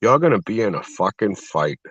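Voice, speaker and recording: A man's voice: lowish voice, very animated, fairly quick, fairly bright tone, slightly rough, no room sound. A man co-hosting a boxing chat show, swearing and arguing bluntly in rambling casual talk. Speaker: podcast co-host. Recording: dull lo-fi dry sound.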